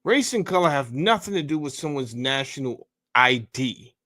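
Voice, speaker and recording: A man's voice: medium pitch, animated, moderate pace, pushed and bright. Heated, profane man hosting a podcast. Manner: heated, blunt and profane, says bro a lot. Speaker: podcast host. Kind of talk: casual commentary reading a bill aloud.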